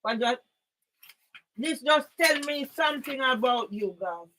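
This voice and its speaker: This monologue video from an author and campaigner features a woman with a high voice venting her anger at a single person. Expressive and measured in pace, she confronts him head-on, repeatedly punching out her points in loud bursts.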